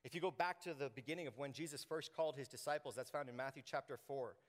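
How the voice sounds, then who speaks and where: A man preaching a sermon to his congregation, animated and joking, acting out quoted voices. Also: medium pitch, fast. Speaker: pastor. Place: church sanctuary. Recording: long hall reverb.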